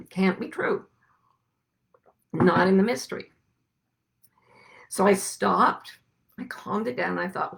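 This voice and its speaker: A middle-aged woman hosting a reflective spiritual talk, speaking gently and musing, slowing down to stress her points. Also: medium pitch, vocal fry. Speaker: podcast host and life coach.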